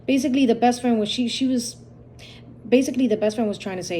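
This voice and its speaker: A woman's voice: on the high side, fast, mellow, a little hiss or hum. A woman hosting her own channel, casually retelling a dream in a rambling, repetitive way full of quoted dialogue. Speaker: channel host. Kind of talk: casual storytelling about a dream.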